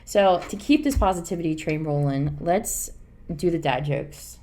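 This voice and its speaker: A woman's voice: deep voice, lively intonation, moderate pace, mellow. A woman co-hosting a podcast in casual, earnest chat, rambling and reassuring. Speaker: podcast co-host.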